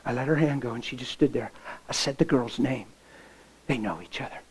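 A pastor preaching a sermon with stories, impassioned and folksy, swinging from loud to hushed. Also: male voice, mid-range voice, brisk, a little hiss or hum, rough recording. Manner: folksy, plain-spoken. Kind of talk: sermon with storytelling.

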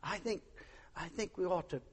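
A man preaching a sermon as pastor, swinging from hushed, pleading lines to loud, fervent calls. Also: sits high, normal speed, breathy edge. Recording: long hall reverb.

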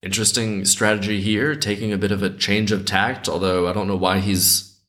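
A male host reading a dark folk tale aloud, breaking in with sarcastic, chuckling commentary. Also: on the low side, flat delivery, moderate pace. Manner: sarcastic asides, frequent chuckles. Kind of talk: story reading with comedic commentary.

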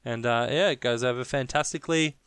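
A man's voice: medium pitch, fairly quick, a bit bright, clear, resonant tone, dry recording. A man co-hosting a casual film review podcast, blunt and mocking, swearing freely. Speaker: podcast co-host.

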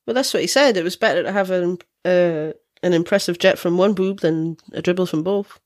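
A woman's voice: lowish voice, brisk, darkish tone. A woman co-hosting a podcast, chatting casually and laughing often as she swaps jokes. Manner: giggly, banter-heavy, swears freely. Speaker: podcast co-host. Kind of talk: casual chat.

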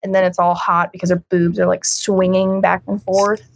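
A woman's voice: lowish voice, flat delivery, normal speed, creaky. A woman co-hosting a casual chat about a comic, frank and giggly, acting out lines as she goes. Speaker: podcast co-host.

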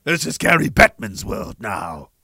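A man putting on a raging, greedy male sports league boss who shouts and gloats like a tyrant. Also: on the low side, big pitch swings, unhurried, gravelly, slightly rough, dry recording, studio quality, voice pushed down, full character voice. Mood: gloating rage.

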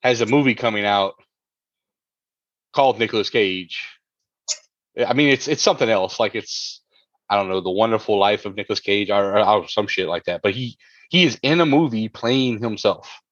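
A man's voice: on the low side, moderate pace, a bit bright, no room sound, lo-fi sound. A man co-hosting a podcast, chatting casually and rambling with lots of fillers and restarts. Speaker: podcast co-host.

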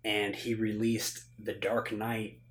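A man co-hosting a podcast, telling stories in a casual, animated way and swearing often. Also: fairly low pitch, slow. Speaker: podcast co-host. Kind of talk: casual chat.

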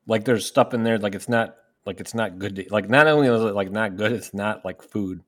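A man co-hosting a casual fantasy football podcast, relaxed, with lots of "like" fillers and deadpan jokes. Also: on the low side, a little fast. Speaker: podcast co-host.

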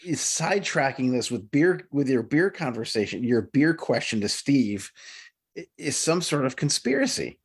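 A man's voice: medium pitch, big pitch swings, moderate pace, husky. A man co-hosting a podcast, casual and profane, teasing his co-hosts. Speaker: podcast co-host. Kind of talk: casual chat.

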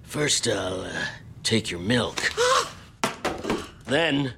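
A lecherous old lady growls her come-ons in a deep, hammy voice, as a woman puts her on. The delivery is slow and creaky. Background noise hangs over the recording. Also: sing-song, full character voice. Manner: growling, hammy seduction ending in a shout. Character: lusty old lady backer, theatrical.

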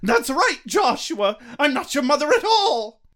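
A man doing a shrill smug mother. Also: very animated, a little slow, fairly bright tone, exaggerated voice. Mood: gloating. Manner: high, sing-song and gloating. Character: shrill scheming mother, mock-proud and smug.

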